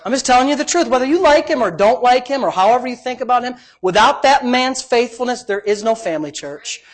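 A middle-aged pastor with a high voice delivers a sermon emphatically, shifting from quiet asides to loud exclamations. He is expressive and speaks at a quick pace.

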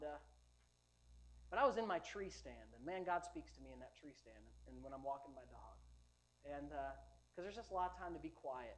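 In a slightly high voice, a pastor gives a forceful sermon that alternates between quiet stories and loud exhortation. He often restarts sentences and says words more than once.

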